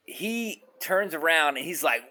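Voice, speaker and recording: A man on a podcast as a guest, telling a testimony in a lively, colloquial way. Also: fairly high pitch, unhurried. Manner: animated, colloquial, addresses listener as bro. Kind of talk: storytelling testimony.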